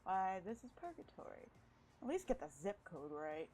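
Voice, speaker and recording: A woman's voice: medium pitch, big pitch swings, dark tone, slight background noise, close to an everyday voice, low-quality recording. Woman reading as a smug theatrical male vampire. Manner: slow emphatic preacher-like delivery.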